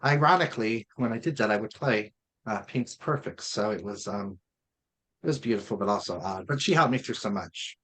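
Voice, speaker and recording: Hesitant, soft-spoken podcast co-host. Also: medium pitch, expressive, normal speed. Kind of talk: casual panel chat.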